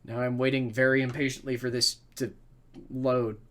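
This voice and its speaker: Playing a video game on stream, this man offers casual commentary in a mid-range, fairly bright voice with flat delivery at a moderate pace. He rambles, swears freely and mocks himself along the way.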